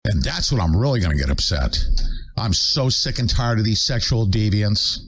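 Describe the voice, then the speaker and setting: An older man hosting his own show, ranting in a fired-up way with sudden high, loud bursts. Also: very animated, moderate pace, breathy edge. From United States. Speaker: show host. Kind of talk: angry political livestream rant.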